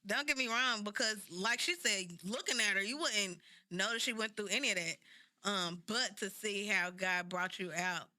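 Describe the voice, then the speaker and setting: A woman's voice: mid-range voice, normal speed, pushed and bright, dry recording, clean studio sound. A woman in her thirties with a Kentucky twang, co-hosting a podcast in a chatty, filler-heavy way. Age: 30s. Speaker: podcast co-host. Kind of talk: casual chat.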